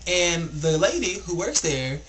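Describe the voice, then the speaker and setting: A young man tells a rambling story in a fairly high, animated voice, leaning on a steady stream of filler words. His casual vlog delivery wanders but keeps going. A clear hiss of background noise runs through the recording. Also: a little slow. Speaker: vlogger.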